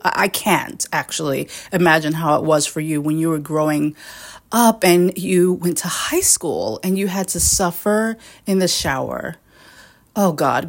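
A woman hosting an audio show, delivering a mocking, berating monologue straight at the listener, her voice swinging sharply up in pitch. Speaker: podcast host.

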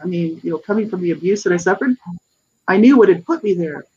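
A middle-aged guest author giving a personal testimony in an interview, earnest and halting, with many restarts. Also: mid-range voice, lively intonation, darkish tone, slightly rough, highs cut off.

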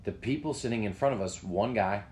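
A man's voice: lowish voice, fairly quick, a little mellow, a little hiss or hum. Young guy on a podcast, swears a lot, rambles through a travel story. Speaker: podcast co-host. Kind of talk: casual chat.

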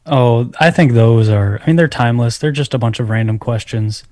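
A man's voice: medium pitch, moderate pace, darkish tone, no echo. A man co-hosting a podcast in casual chat, tossing in dry, mocking asides. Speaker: podcast co-host.

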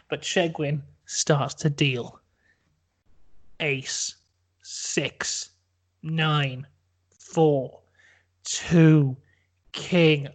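A man hosts a podcast and spins an absurd story with rambling energy. His telling is animated and profane, full of asides. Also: a little high. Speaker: podcast host. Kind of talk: comic storytelling.

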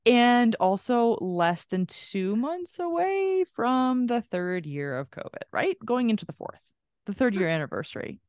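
A woman's voice: on the high side, very animated, measured pace, darkish tone, no room sound. A woman co-hosting a podcast in casual chat, rambling with lots of fillers and side notes, her voice a little strained. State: strained vocal cords. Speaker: podcast co-host.

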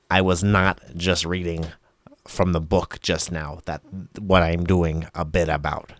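Deep-voiced man, theatrical sing-song comic read, dry booth sound. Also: level tone, moderate pace, dry recording. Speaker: comic reader. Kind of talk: comic storybook reading.

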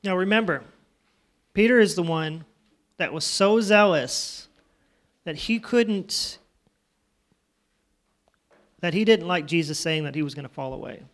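A man's voice: a little high, unhurried, long pauses. A man teaching a children's church class, retelling a Bible story in his own casual words and asking the kids questions. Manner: conversational, asks the children questions.

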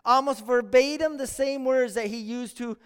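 A male pastor with a very high voice preaches a sermon in a church sanctuary, speaking at normal speed with a clean tone. He is earnest, using rhetorical questions and repeated phrases, and the recording carries the long reverb of a church hall.

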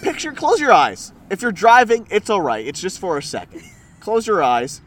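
A man's voice: sits high, huge pitch swings, moderate pace, fairly bright tone. A man co-hosting a podcast outdoors, joking around and pushing the talk onward. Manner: joking, eager to move on. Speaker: podcast co-host. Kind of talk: casual chat recapping a movie. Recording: distant outdoor recording.

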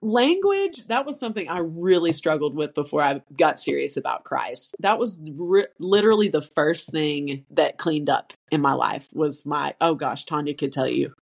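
A woman co-hosting a chatty podcast, talking in a lively way and laughing as she goes through a list of tips. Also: sits low, moderate pace, vocal fry, hardly any pauses, breathy edge. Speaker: podcast co-host. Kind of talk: casual chat.

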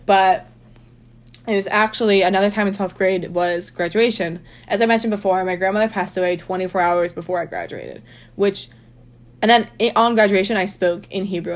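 Chatty young woman telling her story. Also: medium pitch. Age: young adult. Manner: chatty, heavy use of "like", emphatic. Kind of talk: casual personal storytelling.

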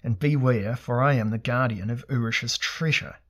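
A man's voice: mid-range voice, normal speed, natural voice. Hissing scaly demon guardian, as a man reads it. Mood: mocking.

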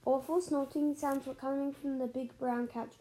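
A woman reading a children's story aloud, expressive, with dramatic pauses and sound words. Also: sits high, rough recording.

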